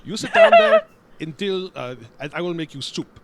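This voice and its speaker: A man's voice: sits high, wildly swooping pitch, moderate pace, very noisy, exaggerated voice. A man voicing a huge, stern giantess who barks curt broken commands in a put-on Russian accent. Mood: commanding.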